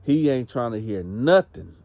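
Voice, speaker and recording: A man's voice: mid-range voice, animated, moderate pace, muffled recording. A man narrating a story in a loose, slangy, conversational way.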